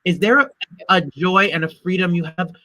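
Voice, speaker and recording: A male talk show host asks long, enthusiastic, rambling questions. His voice is bright and slightly high. The sound is dry and close, with no room around it. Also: moderate pace, no room sound, low-quality recording.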